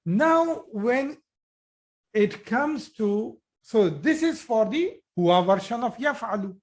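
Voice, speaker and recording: A teacher giving a live online grammar lesson, explaining slowly and repeating forms, checking with students by asking questions. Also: female voice, fairly high pitch, expressive, darkish tone. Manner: slow, repetitive explaining, asks students questions.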